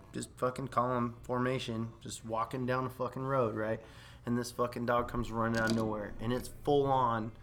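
A man casually telling a war story on a podcast, profane and animated, laughing as he goes. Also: medium pitch. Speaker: veteran storyteller.

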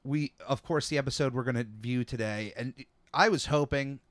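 Bright-voiced young man chatting casually. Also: mid-range voice, no room sound. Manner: animated storyteller, quick asides. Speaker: podcast host. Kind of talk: casual chat.

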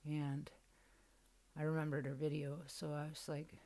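A woman's voice: sits low, level tone, measured pace, long pauses, dark tone. A young woman hosting a podcast, telling a personal story in a candid, casual way and swearing freely. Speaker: podcast host.

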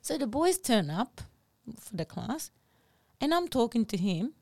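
Woman podcast host telling a story, earnest and animated, kinda high but mellow, dry close mic. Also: unhurried, no echo. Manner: animated, earnest, simple phrasing. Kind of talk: casual chat, storytelling.

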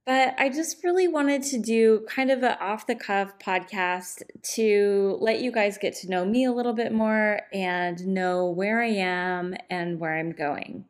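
A middle-aged woman hosting a podcast, talking off the cuff in a relaxed, chatty way, with many fillers, into a microphone. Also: mid-range voice, a little slow, few pauses. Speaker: podcast host and divorce coach.

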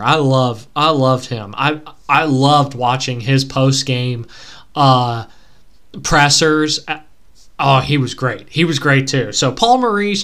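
A man co-hosting a podcast solo, chatting casually and rambling with excitable, pleading outbursts. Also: a little high. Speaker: podcast co-host. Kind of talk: casual solo sports chat.

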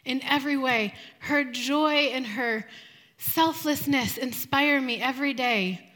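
Soft-spoken earnest woman, high and bright. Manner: soft, slow, earnest, with reflective pauses. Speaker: women's group speaker. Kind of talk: devotional talk.

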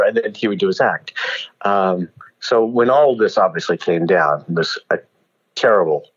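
Lively storytelling man, lo-fi sound. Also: lowish voice, normal speed, husky. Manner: animated, laughs often, acts out quotes. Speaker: guest. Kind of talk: storytelling interview.

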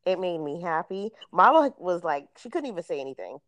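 A young woman co-hosting a podcast, sassy and blunt as she dishes on reality TV. Her voice is a little low for a woman, and the recording is close and dry. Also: big pitch swings, a little fast, fairly bright tone, dry recording. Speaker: podcast co-host. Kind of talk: casual chat.

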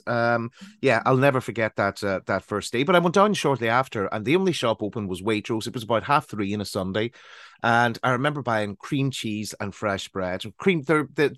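Northern Irish man telling lively anecdotes. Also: mid-range voice, no room sound, clean studio sound. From Northern Ireland. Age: 40s. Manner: rambling, anecdotal storytelling. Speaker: podcast co-host. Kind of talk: casual chat.

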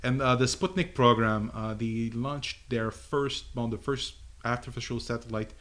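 A man co-hosting a podcast in casual chat, halting, with many fillers and restarts. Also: mid-range voice, fairly bright tone. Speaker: podcast co-host.

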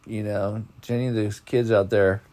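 A man's voice: lowish voice, little pitch movement, moderate pace, a little mellow. A man hosting a podcast in casual chat, rambling in laid-back slang and yawning as if sleepy. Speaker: podcast host.

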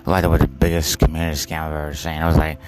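A man rambling through an absurd monologue, halting and stammering, full of fillers and offhand swearing. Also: a bass voice, little pitch movement, darkish tone. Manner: halting, stammering, repeats words, heavy fillers; profane, offhand. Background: music.

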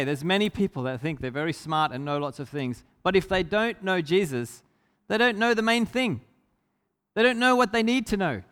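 High-voiced man preaching in a reverberant hall. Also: a bit bright. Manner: emphatic storytelling preaching with rhetorical questions. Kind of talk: sermon.

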